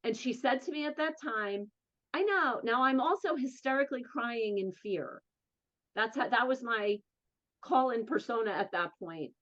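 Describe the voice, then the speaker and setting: Her pitch sits fairly high and her tone is a bit bright, while the recording loses its top frequencies. The speaker, a woman with a New Jersey accent, is an interview guest and advocate who speaks about her own life frankly, earnestly and emphatically, in quick bursts.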